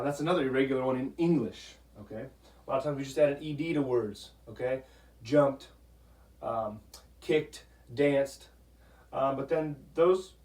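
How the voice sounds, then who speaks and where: A man teaching a Spanish grammar lesson, patient, repeating "okay?" often and sounding out words slowly. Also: medium pitch, a little mellow. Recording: echoey room, voice from a distance.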